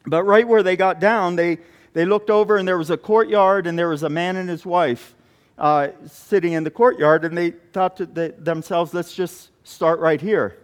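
A man with a high voice preaches in a storytelling way. He retells a testimony, often stopping and restarting his phrases. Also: moderate pace, clear, resonant tone. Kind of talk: sermon storytelling.

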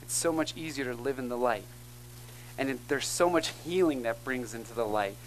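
A man's voice: medium pitch, moderate pace, a little hiss or hum, rough recording. A man preaching a sermon as pastor, earnest and emphatic, calling out to the congregation between points. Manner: earnest, emphatic preaching with call-and-response asides.

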